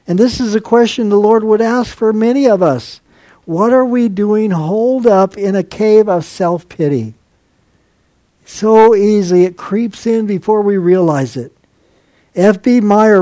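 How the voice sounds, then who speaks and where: High-voiced, mellow-toned man preaching. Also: unhurried, dry recording. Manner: expository preaching with dramatized quotes. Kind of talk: sermon.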